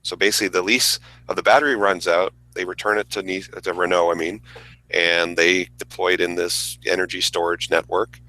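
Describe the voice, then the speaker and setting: A man's voice: low-pitched, fairly even intonation, brisk, sharp tone, no echo, low-quality recording. A man co-hosting a casual panel chat, explaining with enthusiasm. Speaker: podcast co-host.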